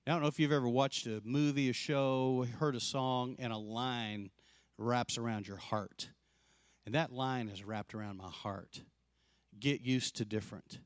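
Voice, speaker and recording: A man preaching a sermon as pastor, telling a story with lively acted-out quotes and dropping soft and slow to drive points home. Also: medium pitch, clean tone, dry recording, studio quality. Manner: animated storyteller, acts out quoted voices; drops soft and slow for emphasis.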